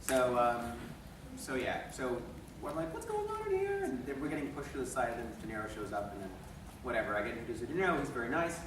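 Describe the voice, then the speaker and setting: A man, a voice actor on a convention panel, telling stories in an animated, laughing way. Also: medium pitch, fast. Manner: animated, laughing, acting out quotes. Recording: echoey hall recorded from far off with room noise.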